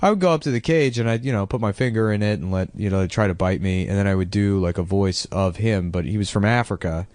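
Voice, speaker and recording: A man's voice: on the low side, fast, few pauses, a little mellow. A man co-hosting a comedy podcast, telling crude, rambling stories in casual chat. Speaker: podcast co-host.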